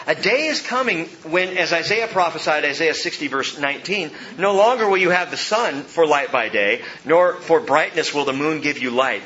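A man's voice: a little high, pushed and bright, slight background noise. A man preaching a verse-by-verse sermon, rising and stressing each quoted line of scripture. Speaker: pastor. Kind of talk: expository sermon. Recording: slightly dull sound, faint ambience.

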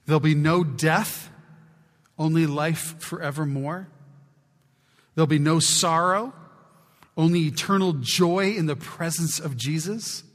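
A man preaching a sermon as pastor, exhorting his church and swinging from loud to hushed. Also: on the high side, unhurried, pauses often. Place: church sanctuary. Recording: long church reverb.

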